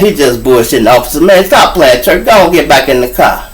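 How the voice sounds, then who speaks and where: A middle-aged man from Chicago with a Chicago accent, hosting a show and telling street stories in a casual, animated way, acting out the people in them. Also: fairly high pitch, a little fast, poor audio. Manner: animated, acts out voices of people in his stories. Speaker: storyteller host.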